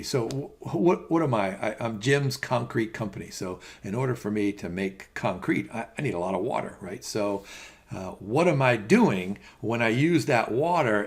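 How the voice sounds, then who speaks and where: A middle-aged man teaching a finance exam prep lecture in a conversational, rambling way with many fillers and asides. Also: on the low side. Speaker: finance instructor. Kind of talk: recorded lecture.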